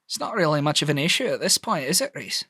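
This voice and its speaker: A man doing a hard, cold Scottish tough who shrugs off danger with blunt indifference. The voice has a bright, forceful edge, and it sounds close and dry, with no room around it. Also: fairly high pitch, sing-song, quick pace, slightly rough, no room sound, heavily acted. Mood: callous. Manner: blunt, dismissive.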